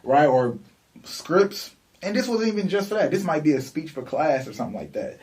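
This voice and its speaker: A man's voice: fairly high pitch, big pitch swings, brisk, darkish tone, recorded from a distance. A man co-hosting a music podcast, telling rambling, laid-back stories. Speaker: podcast co-host. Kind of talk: casual podcast chat.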